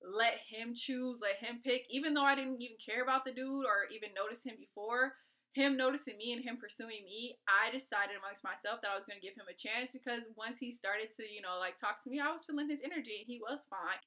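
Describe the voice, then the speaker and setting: A woman from California telling a personal story to her viewers in a chatty, animated way. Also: on the high side, fairly quick. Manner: animated, acts out what people said; chatty, addresses viewers directly. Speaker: storytime vlogger. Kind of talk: casual storytelling.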